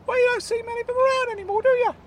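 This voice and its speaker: A man doing a squeaky fussy old uncle. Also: fairly even intonation, racing, very noisy. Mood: insistent. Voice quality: high, squeaky put-on voice. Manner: insistent, prim and easily delighted. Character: fussy nostalgic older uncle, excitable and shrill. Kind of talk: comedy podcast sketch.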